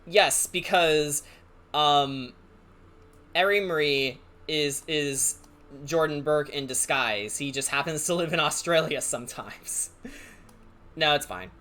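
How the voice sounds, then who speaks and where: A man's voice: a little high, takes it slowly, sharp tone. A man chatting casually on a live stream, rambling and hesitant with many fillers. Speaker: livestreaming artist.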